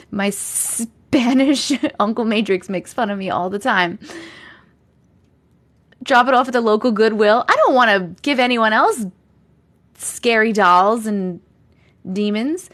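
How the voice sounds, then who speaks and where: A young woman hosting a livestream, chatting casually and greeting viewers by name with frequent giggles. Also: a little high. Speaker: host reading viewer comments on a livestream.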